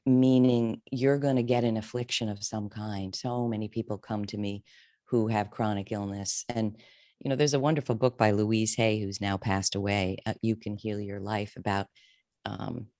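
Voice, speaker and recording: A woman's voice: steady tone, moderate pace, dark tone, dry recording. A woman in her fifties, a career coach telling her story candidly and emotionally in an interview. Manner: candid, emotional, wide swings in pitch.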